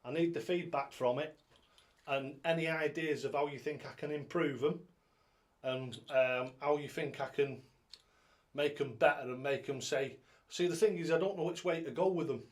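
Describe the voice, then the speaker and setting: A man's voice: on the high side, moderate pace. A man hosting a casual live stream, rambling along in a chatty way and greeting viewers by name, recorded on a tablet at home. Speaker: live-stream host and darts coach.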